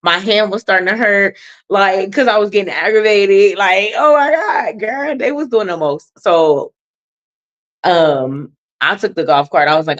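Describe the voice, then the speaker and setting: A woman's voice: medium pitch, lively intonation, a little slow, muffled recording. A woman co-hosting a casual talk show, telling a blunt, profane story about her son with lots of swearing. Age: adult mother of a son. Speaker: podcast co-host.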